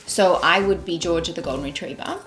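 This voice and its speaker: A woman's voice: lowish voice, brisk. An Australian woman from Melbourne hosting a podcast, chatting with a child guest in a bubbly, encouraging way. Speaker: podcast host. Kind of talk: casual chat with a child guest. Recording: echoey room with music behind.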